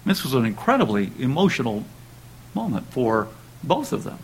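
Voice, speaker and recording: This preacher is very animated and speaks at a moderate pace, conversational and prone to restarts. When he reads scripture aloud, his voice climbs in pitch and volume for the dramatic quotes. The recording is rough, with slight background noise.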